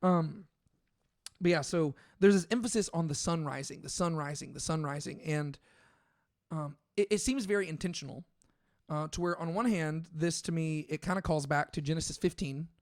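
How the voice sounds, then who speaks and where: In a relaxed Bible discussion podcast, the co-host works through his thoughts aloud, restarting and filling pauses often. His somewhat high male voice is captured close and dry at a moderate pace.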